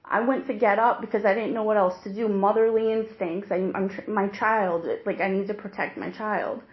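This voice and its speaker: A young woman, a new mother, recounting a distressing personal experience in a halting, earnest way with frequent restarts. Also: medium pitch, steady tone. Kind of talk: emotional personal account. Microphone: hidden recorder. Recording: roomy, dull lo-fi secret recording.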